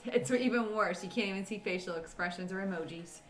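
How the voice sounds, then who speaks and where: A woman's voice: medium pitch, quick pace, soft background music. A woman playing a tabletop game with theatrical in-character asides. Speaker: player. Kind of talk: casual tabletop role-play.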